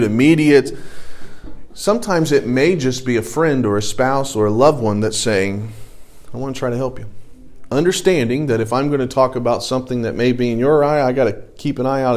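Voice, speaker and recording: Man teaching a church Bible class. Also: medium pitch. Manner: conversational, anecdotal, sidetracked storytelling with rising emphasis.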